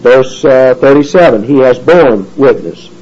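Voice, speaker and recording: Male Bible teacher, slightly husky, explains verses in a folksy way, dull lo-fi tape. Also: medium pitch, lively intonation, a little slow, darkish tone. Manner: explanatory, folksy, with many fillers. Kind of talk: Bible study sermon. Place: church or meeting room with a live audience. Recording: dull lo-fi recording.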